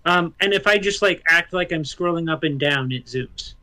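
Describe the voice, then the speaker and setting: A man's voice: on the high side, normal speed, pushed and bright. A man playing in a tabletop game, chatty and helpful in casual talk. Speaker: player. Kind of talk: casual chat.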